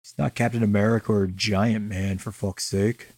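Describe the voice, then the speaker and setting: A man's voice: fairly low pitch, flat delivery, moderate pace, darkish tone, no room sound. Profane sarcastic young man chatting. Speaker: podcast co-host. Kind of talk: casual chat.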